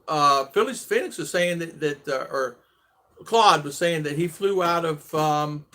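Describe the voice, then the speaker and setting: A man's voice: fairly high pitch, slow pace, bright, forceful tone. A man hosting a casual live video chat, greeting viewers one by one and rambling through stories with many fillers and restarts. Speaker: livestream vlog host.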